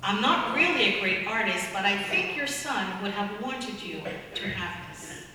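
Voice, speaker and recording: A gentle, grateful young soldier, as a woman reads him aloud, speaking earnestly with a bright tone. The voice comes from a distance in a big echoing hall with a long reverb. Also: medium pitch, animated, unhurried, slight background noise. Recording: echoey hall from far off.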